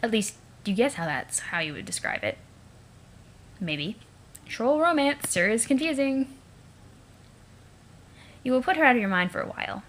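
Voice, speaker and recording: A woman's voice: a little high, very animated, normal speed, pauses often, fairly bright tone. A woman reading a webcomic aloud in a casual let's-play style, with wry, playful asides.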